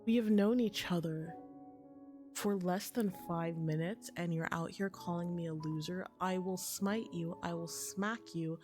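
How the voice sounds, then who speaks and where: A woman's voice: lowish voice, measured pace, darkish tone, soft background music. Swearing, ranting young woman streamer. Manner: swearing, exasperated rants. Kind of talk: casual game commentary.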